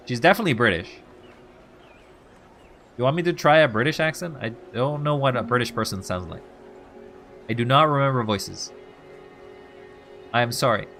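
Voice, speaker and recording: A man's voice: mid-range voice, fairly bright tone. A man streaming a video game, giving casual, playful let's play commentary and teasing a co-player.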